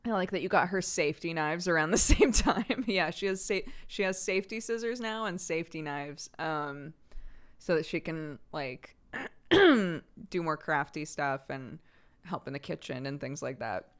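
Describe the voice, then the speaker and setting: Chatty woman streamer with a smooth, lowish voice. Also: lively intonation, normal speed. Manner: chatty, rambling with many restarts. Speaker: livestreamer. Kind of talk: casual chat answering viewer questions.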